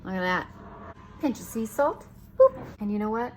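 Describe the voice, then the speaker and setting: A woman's voice: medium pitch, big pitch swings, moderate pace, a little hiss or hum. A woman hosting a home baking show, chatting playfully to the viewer as she works through a recipe in her kitchen. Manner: chatty and playful, talking to the viewer while working. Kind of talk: casual cooking demonstration.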